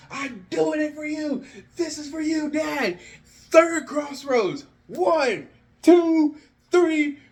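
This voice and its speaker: A man excitedly narrating his own wrestling storyline like a play-by-play caller, animated and sometimes shouting. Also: extremely high pitch. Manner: animated, breathless, shouts at big moments. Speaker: wrestling fan booking storylines.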